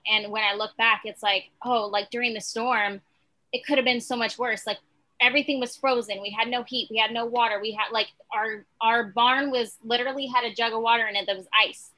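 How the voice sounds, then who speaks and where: A woman with a bright, somewhat high voice talks earnestly in a casual faith chat. Her talk is chatty and full of fillers. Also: steady tone, normal speed, low-quality recording.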